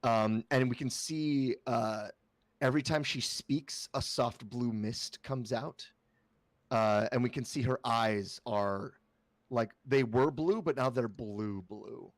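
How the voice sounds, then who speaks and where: A man's voice: mid-range voice, slow, no echo. A man playing a tabletop game, describing his character's actions in a rambling way with many fillers. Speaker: player. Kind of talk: tabletop game play and narration.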